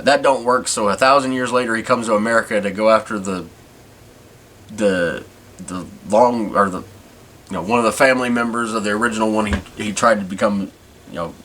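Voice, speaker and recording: A podcast host chats casually, rambling as he goes and restarting often. His voice is fairly low and a bit bright.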